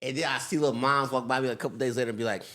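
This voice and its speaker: A male comedian in casual podcast chat, laid-back, jumping into high-pitched impressions of people. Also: steady tone, racing, pushed and bright.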